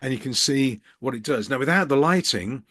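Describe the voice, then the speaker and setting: A man's voice: mid-range voice, animated, fairly quick, a bit bright. A middle-aged man from Birmingham, England, giving casual tips straight to camera from his office as a business coach, with dry, self-mocking jokes. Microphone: camera at eye level with ring light.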